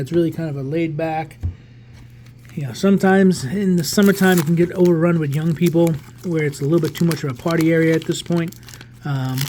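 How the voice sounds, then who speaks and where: A man's voice: on the high side, slight background noise. A man in his forties from the New York area, chatting casually and rambling as he opens a pack of cards. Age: 40s. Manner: relaxed, rambling, thinking aloud with restarts. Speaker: card collector vlogger. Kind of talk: casual pack-opening commentary.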